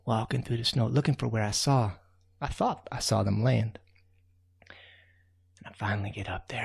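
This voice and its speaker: A man's voice: medium pitch, gravelly. A man telling a children's story as a kindly old raccoon, in a folksy, rambling way full of "you know.".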